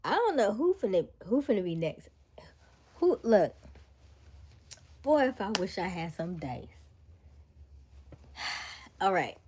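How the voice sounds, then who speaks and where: A young woman hosting a casual livestream, reading the chat and joking playfully, dropping into soft whispers between livelier bursts. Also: medium pitch, takes it slowly, long pauses, slight background noise. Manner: relaxed, playful, slangy. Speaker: livestream host.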